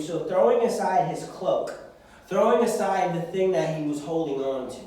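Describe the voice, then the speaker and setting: Young male youth preacher, high voice, far mic in a big echoey church hall. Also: expressive, moderate pace, darkish tone. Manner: preaching, acting out prayers. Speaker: youth pastor. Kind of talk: sermon to young people.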